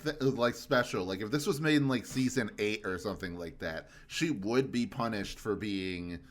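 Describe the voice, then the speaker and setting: Rambling low-voiced young man. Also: moderate pace. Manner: rambling, many fillers, easy laughs. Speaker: podcast co-host. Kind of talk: casual chat.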